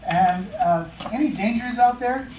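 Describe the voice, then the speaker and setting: A man leading a teacher-mentoring workshop, chatting with the audience, asking questions and slowing down to stress key points. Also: extremely high pitch, noisy background. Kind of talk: interactive workshop talk. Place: training room with audience. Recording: echoey room, distant mic, faint ambience.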